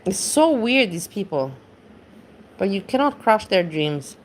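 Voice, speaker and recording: A woman's voice: mid-range voice, big pitch swings, a little slow, a little hiss or hum. A woman rants bluntly and casually, swearing freely and rambling as she goes. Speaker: commentary streamer. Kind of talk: casual rant.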